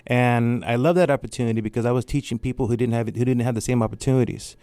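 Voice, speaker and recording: A man's voice: medium pitch, fairly even intonation, quick pace, dark tone, no echo. A man in his fifties from California's Central Valley, an artist telling his life story as a guest in a casual interview, rambling and acting out the dialogue he quotes. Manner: rambling, acts out quoted dialogue, frequent restarts. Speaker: guest, artist and art teacher.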